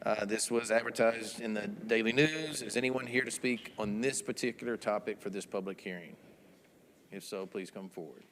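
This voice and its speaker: A man's voice: on the low side, normal speed, a bit bright, in a large hall, a little hiss or hum. A man chairing a town board meeting as mayor, rattling through motions and votes.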